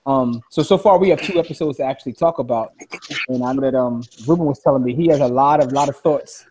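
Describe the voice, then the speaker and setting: A man's voice: mid-range voice, quick pace, warm tone, husky, low-quality recording. A man hosting a casual podcast round table and introducing his guests in a laid-back way. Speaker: podcast host. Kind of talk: casual chat.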